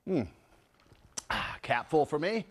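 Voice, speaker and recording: A man's voice: on the high side, big pitch swings, slow. Chatty man hosting a home cooking show. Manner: chatty, tasting food and talking to viewers as folks.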